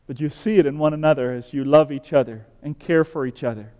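A man delivers an earnest sermon in a smooth, mellow voice that sits a little high. His words ring out with the long reverb of a large hall, and his emphasis grows fervent. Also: normal speed, highs cut off. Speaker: pastor.

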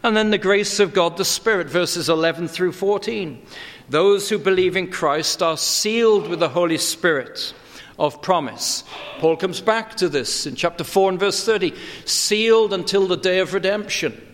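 A man preaching an expository sermon, measured and deliberate, leaning on emphatic words. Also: sits high, fairly bright tone, in a large hall. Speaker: pastor.

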